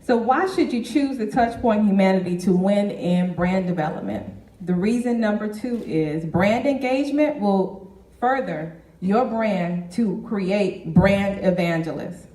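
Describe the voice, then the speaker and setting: A woman giving a keynote business presentation, speaking in a measured way and addressing the audience directly. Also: mid-range voice, expressive, warm tone. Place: meeting hall. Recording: echoey hall from far off.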